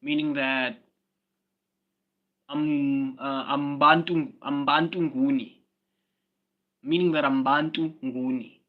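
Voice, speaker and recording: A man's voice: mid-range voice, fairly even intonation, takes it slowly, pauses often. Slangy South African man livestreaming. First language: Swati. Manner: repeats himself, slangy and blunt, talks to viewers' comments. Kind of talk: casual livestream chat. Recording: dull lo-fi stream audio.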